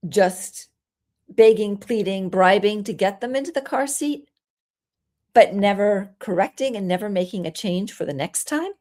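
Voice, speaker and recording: Woman coach talking parenting, calm, explains things gently, acts out soft parent lines. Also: mid-range voice, unhurried. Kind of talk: solo coaching talk.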